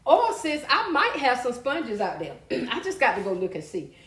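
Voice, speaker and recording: A woman hosting a casual live stream, chatty and loud, calling out to viewers and reading their comments. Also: a little high, wildly swooping pitch, moderate pace, reverberant.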